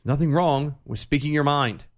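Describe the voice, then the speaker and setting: A man co-hosts a casual podcast chat, speaking earnestly and emphatically and often repeating words as he builds his point. His voice is on the high side and his pace is moderate.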